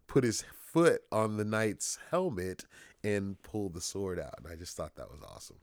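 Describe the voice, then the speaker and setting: A man co-hosting a casual film podcast, laughing often and jumping up into high quoted voices. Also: animated, moderate pace, no echo, studio quality. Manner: laughs often, jumps up high when quoting. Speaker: podcast co-host.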